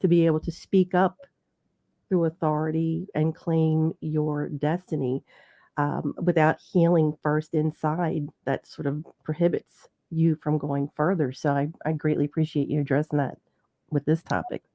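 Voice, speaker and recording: A woman's voice: deep voice, flat delivery, measured pace, lo-fi sound. A woman hosting an interview, speaking casually and hesitantly, with frequent fillers. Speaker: interview host.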